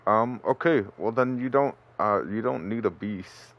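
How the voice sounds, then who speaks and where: Male game streamer, deep register, easygoing and rambling, slight hum behind. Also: measured pace, few pauses, a bit bright. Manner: laid-back, rambling, with fillers. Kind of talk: casual gameplay commentary.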